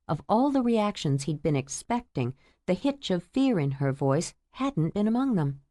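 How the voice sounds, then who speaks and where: A woman narrating a romance novel audiobook in a measured, intimate storytelling manner. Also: lowish voice, big pitch swings, dark tone, dry recording, clean studio sound.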